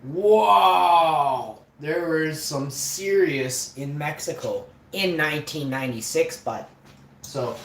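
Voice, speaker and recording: A man streaming live, rambling and joking, drawing words out and breaking into sudden high yelps. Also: fairly bright tone, a little hiss or hum. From Canada. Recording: roomy echo.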